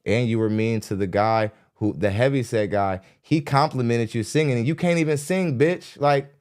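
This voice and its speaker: A man's voice: normal speed, a little mellow. A young adult man hosting a podcast, ranting bluntly and mockingly about a dating show and laughing between jabs. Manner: mimics others in high squeaky voices. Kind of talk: ranting reaction commentary. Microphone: studio mic.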